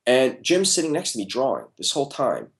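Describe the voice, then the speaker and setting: A man being interviewed, telling an animated, casual anecdote full of fillers and swearing. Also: mid-range voice, a little fast, vocal fry. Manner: animated storyteller, fillers and profanity. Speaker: comic book artist interviewee.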